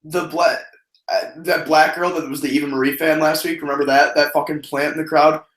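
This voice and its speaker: A man's voice: on the high side, a little fast, reverberant, rough recording. A man casually co-hosting a wrestling review, talking profanely and breaking into mocking impressions. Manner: profane, animated, does mocking voices. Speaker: podcast co-host.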